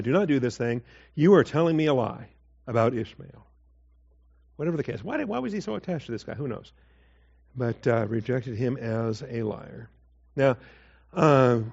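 A man giving a conversational verse-by-verse Bible teaching, with asides and quick acted quotes. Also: mid-range voice, a little mellow, lo-fi sound.

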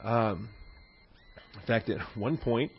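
A middle-aged pastor teaching a sermon in a conversational, digressive way, with anecdotes and chuckles. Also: male voice, mid-range voice, takes it slowly, husky. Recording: slightly dull lo-fi sermon recording.

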